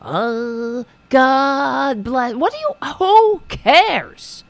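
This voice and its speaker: A woman's voice: sits high, sing-song, drawn-out words, no room sound. A woman hosting a political show, ranting in a profane, sarcastic, exasperated way while reading viewers' chat.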